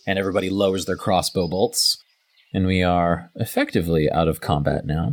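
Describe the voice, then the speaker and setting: A man's voice: low-pitched, fairly even intonation, fairly quick. A man narrating as game master in a tabletop game, loose and casual with many fillers.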